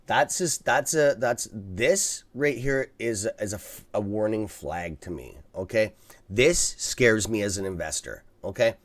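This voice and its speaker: Unhurried and expressive, a fairly low male voice runs a livestream about stock trading. He chats bluntly and casually with his audience, cursing often, checking in with "okay?", and restarting as he rambles.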